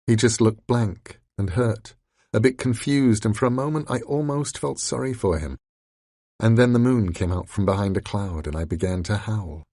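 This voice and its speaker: A man reading an audiobook in sardonic first-person narration with a gravelly voice. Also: on the low side, no room sound, clean studio sound. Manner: dark, sardonic storytelling.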